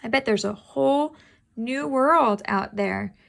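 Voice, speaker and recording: A woman's voice: on the high side, slow, creaky, exaggerated voice. A woman voicing a bold, indignant male cat in a storybook read-aloud, sounding eager to go exploring.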